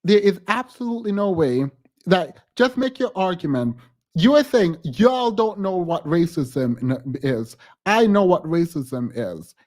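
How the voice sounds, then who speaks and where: Exasperated male host, slightly high voice, reaction commentary. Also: big pitch swings, a little slow, a little mellow. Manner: skeptical, exasperated, thinking aloud.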